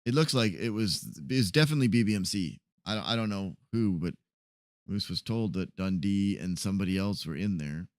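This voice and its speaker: A man's voice: fairly low pitch, fairly quick, a little mellow, no echo, studio quality. A man streaming a roleplay game, chatting casually and animatedly to his viewers, laughing often.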